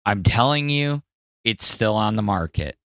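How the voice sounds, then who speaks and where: A Midwestern-accented man hosts a casual podcast and pitches gifts like an eager salesman, with a bright, lively voice. He takes his time with each line and builds up to loud bursts. The dry, close sound carries no room echo. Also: unhurried. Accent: Midwestern American. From Wisconsin. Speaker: podcast host. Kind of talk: casual chat, gift pitches.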